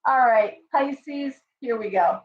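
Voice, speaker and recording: A middle-aged woman hosts a live tarot stream with a blunt, scolding, profane delivery. Her voice sits a little high. The sound is roomy and somewhat muffled, with faint noise underneath. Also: slow. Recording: echoey, dull live-stream audio.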